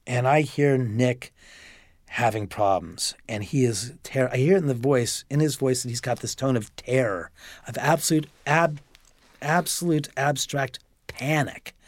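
A man telling a story as a podcast guest, animated and profane, acting out the dialogue. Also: medium pitch, a little slow, no room sound. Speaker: homeowner guest.

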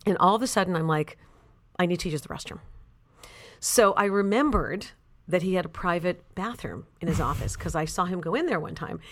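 Chatty woman telling a story, slightly low voice. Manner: animated and chatty, many "like" and "you know" fillers. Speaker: actress and author, interview guest. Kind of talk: casual anecdotal storytelling.

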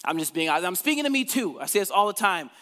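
A male pastor preaching a casual, energetic, conversational sermon to his church. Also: high voice, quick pace, big-room sound.

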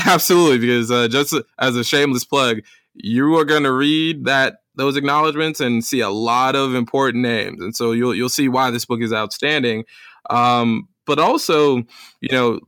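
A man's voice: medium pitch, normal speed, a bit bright, clear, resonant tone, no echo, clean studio sound. A man hosting an interview, asking his guest about her book with many fillers and restarts. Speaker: interview host. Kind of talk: conversational interview.

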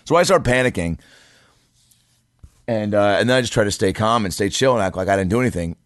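A young man spins a long bar story in relaxed, profane talk. His voice sits low, and it jumps higher when he acts out what people said. The sound is dry and close, with no room around it. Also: fairly quick, no echo. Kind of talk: casual storytelling.

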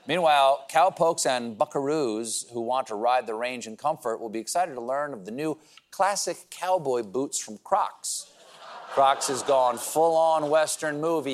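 A man's voice: mid-range voice, slight background noise. A man hosting a late-night comedy show, delivering a mock-grandiose monologue of jokes. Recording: studio audience laughter behind.

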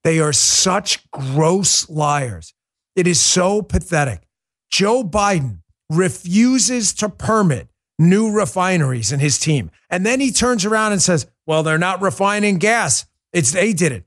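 A man's voice: high-pitched, expressive, a little slow, a bit bright. A man hosting a political podcast, reading ads and ranting in heated, mocking commentary. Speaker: podcast host.

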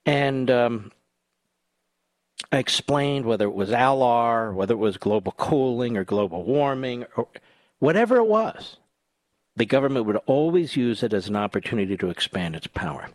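On his talk radio show, a man delivers a sarcastic, combative rant that alternates between shouting and muttered asides. His pitch swings widely, his pace is moderate, and there's no echo.

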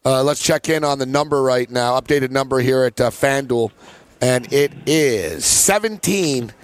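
A man's voice: mid-range voice, unhurried, clear, resonant tone. A man hosting a sports betting talk show, telling stories in a rambling, casual way and laughing often. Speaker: sports betting podcast host. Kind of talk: casual chat.

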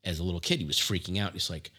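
A man co-hosting a podcast in casual chat, an animated, joking storyteller. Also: low-pitched, very fast, breathy edge. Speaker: podcast co-host.

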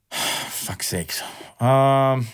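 A man's voice: medium pitch, very slow, clear, resonant tone. A man in his forties hosting a solo podcast, rambling in a profane, self-mocking way. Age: 40s. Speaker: podcast host. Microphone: podcast microphone.

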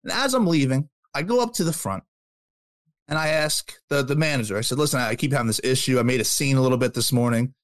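A man in his early thirties co-hosting a talk radio show, telling a story in a quick, animated way that builds up steam. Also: mid-range voice, dry recording. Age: 30s. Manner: animated, quick storyteller who gets worked up.

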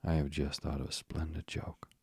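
A man's voice: a bass voice, level tone, moderate pace, vocal fry, warm tone, slightly rough, no echo, heavily acted. Man reading a pompous, huffy storybook father. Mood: blustering. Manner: huffy, blustering and childish. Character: pompous proud father, sulking over medicine.

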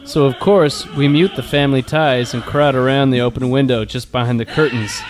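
A man's voice: mid-range voice, steady tone, a little fast. A man hosting a casual podcast, reading a listener's story aloud and laughing through the telling. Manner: laughs through his reading, loose and joking. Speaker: podcast host. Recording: loop music bed playing behind.

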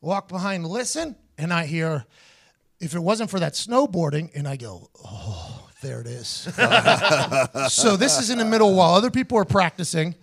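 A man hosting a podcast, telling a story in an animated, profane way and acting out both sides of each conversation. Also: sits high, brisk, creaky. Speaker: podcast host. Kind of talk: casual storytelling chat.

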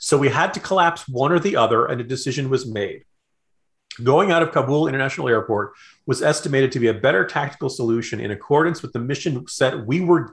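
A man's voice: medium pitch, fairly bright tone. A man co-hosting a political podcast, talking in an emphatic, exasperated way and piling up rhetorical questions. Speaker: podcast co-host. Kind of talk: political commentary chat.

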